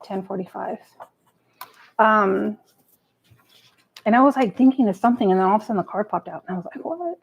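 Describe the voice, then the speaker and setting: A woman reading tarot on a livestream in a loose, chatty way, swearing freely and muttering half to herself. Her mid-pitched voice has some gravelly fry in it. There is a faint hiss in the background. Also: fairly quick, long pauses, low-quality recording. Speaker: tarot reader. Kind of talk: live tarot reading, casual chat. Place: home table with a cat nearby.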